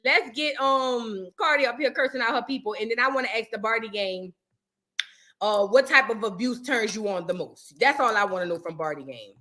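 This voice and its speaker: New orleans lady hosting a reaction stream, high bright voice, chatty and cussing a lot. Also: moderate pace. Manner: animated, chatty and profane, talking to viewers in chat. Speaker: host of a reaction show. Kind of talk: casual reaction chat.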